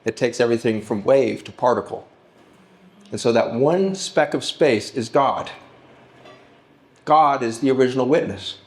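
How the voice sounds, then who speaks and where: Man giving a storytelling stage talk. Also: mid-range voice. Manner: storytelling, slows and lifts his voice to act out pleas. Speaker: physician speaking at a festival. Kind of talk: talk to a live audience.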